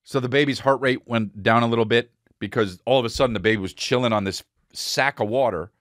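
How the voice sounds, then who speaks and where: Profane, animated man telling a comic story. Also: medium pitch, fairly quick, dry recording, clean studio sound. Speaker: podcast host.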